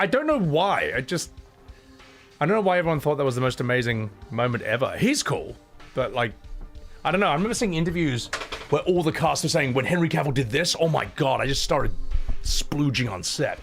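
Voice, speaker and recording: An animated man talks to his chat in a loose live-stream ramble. His pitch swings widely from low mutters to high yelps, and he swears often. Faint music plays behind him.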